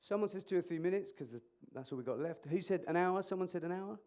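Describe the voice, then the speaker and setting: Man, emergency clinician, lively conference speaker on a mic, voice a touch high, jokey, interactive. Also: fast. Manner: animated, jokey, quizzing the audience. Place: conference hall. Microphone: microphone.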